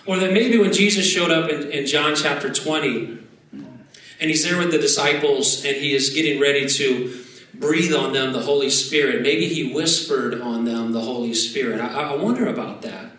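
A man in his thirties preaching a sermon as pastor, conversational and animated, with asides and repeated words. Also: mid-range voice, moderate pace, slight background noise. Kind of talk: sermon with prayer. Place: church sanctuary. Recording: echoey hall, voice from a distance, faint ambience.

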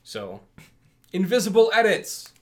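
A man's voice: high voice, unhurried, noisy background. A young man co-hosting a casual podcast, telling stories animatedly and laughing often. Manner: animated storyteller, acts out quotes, laughs often. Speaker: podcast co-host. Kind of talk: casual chat.

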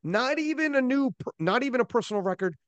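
A man hosting a podcast, telling stories in animated, profane casual chat on a close mic. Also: very high-pitched, fast, no room sound, dull audio. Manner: animated storyteller, loose and profane. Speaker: podcast host.

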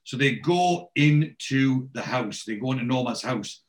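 A man's voice: medium pitch, animated, a little slow. A man in casual chat, rambling through a TV episode and quoting the characters in his own voice.

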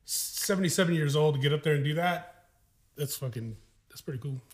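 A man's voice: fairly high pitch, fairly quick. A man co-hosting a podcast in casual chat, easygoing and full of questions. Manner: questioning, easygoing, talks about sound mixing. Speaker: podcast co-host.

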